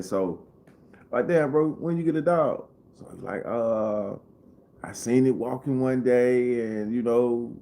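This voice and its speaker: A man's voice: lowish voice, a little mellow. A man spins a casual storytime on a livestream. He rambles, curses freely and repeats lines as he works his way through the tale. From Memphis, Tennessee. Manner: rambling, profane, repeats himself. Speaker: live streamer.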